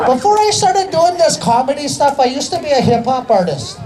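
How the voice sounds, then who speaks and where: A man's voice: extremely high pitch, big pitch swings, fairly quick, crowd noise, background noise. A man doing stand-up comedy, telling a story and ending lines with a tag question. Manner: ends lines with a tag question, loose joking delivery.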